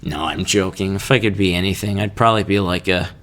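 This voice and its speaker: A man's voice: deep voice, fast talker, fairly bright tone. A young man hosting a casual solo podcast, rambling and joking with laughs between his thoughts. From Kansas. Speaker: podcast host.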